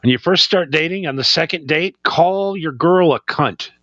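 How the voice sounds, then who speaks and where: A young man co-hosting a podcast in casual chat, joking loudly and laughing a lot. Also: fairly high pitch, moderate pace, no echo, muffled recording. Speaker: podcast co-host.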